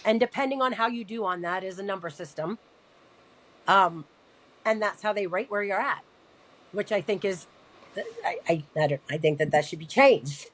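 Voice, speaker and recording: A woman recounting a personal family story in a podcast interview, halting and repeating words as she talks, earnest and emotional. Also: medium pitch, poor audio. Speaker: podcast guest.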